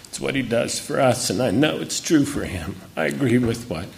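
A man's voice: mid-range voice, expressive, normal speed, creaky, slight background noise. A man speaking at a memorial, emotional and earnest, his voice catching as he honors the man who died. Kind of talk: memorial tribute speech.

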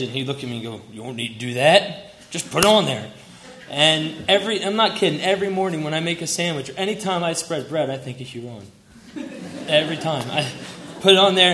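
Giving a memorial tribute as a family friend, this young man has a fairly high, sharp-toned voice. He chuckles through fond, sincere stories about the person, and the roomy hall carries faint ambience plus a little background noise.

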